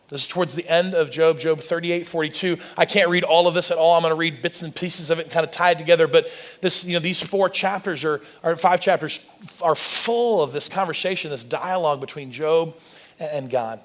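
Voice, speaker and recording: Pastor, high-voiced man, animated sermon with lots of restarts; rises loud and high for emphasis. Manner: animated preaching, many restarts, reads scripture aloud; gets loud and high when stressing a point.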